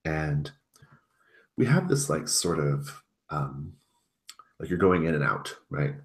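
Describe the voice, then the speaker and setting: A man's voice: very deep voice, very animated, slow pace. A man narrating a tabletop role-playing game as game master, casual and full of fillers, often checking in with "right?".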